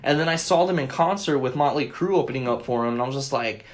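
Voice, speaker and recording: A young man co-hosting a casual podcast chat, telling a rambling, profanity-laden story with excitable bursts, recorded on a phone. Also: mid-range voice, quick pace. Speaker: podcast co-host.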